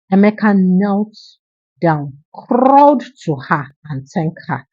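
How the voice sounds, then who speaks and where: Husky woman telling a folktale. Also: low voice, animated, moderate pace, dark tone, dull audio. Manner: earnest, moralizing. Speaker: storyteller. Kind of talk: scripted folktale narration.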